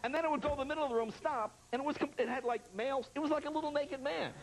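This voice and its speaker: A man telling a comic story as a talk show guest, animated and laughing, with lots of voices and sound effects. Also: very high voice, racing. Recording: noisy television studio audio.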